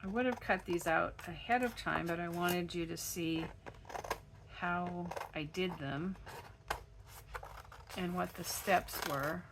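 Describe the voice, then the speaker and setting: A woman with a froggy, gravelly voice, chatting step by step through a crafting tutorial at her home craft desk. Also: fairly low pitch, slow pace, long pauses, background noise. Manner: chatty step-by-step explaining while working. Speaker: craft channel host.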